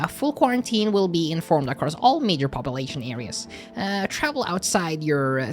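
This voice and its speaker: A hesitant game news anchor. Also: female voice, lowish voice. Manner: formal announcer delivery with hesitant fillers. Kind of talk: scripted news broadcast in a game.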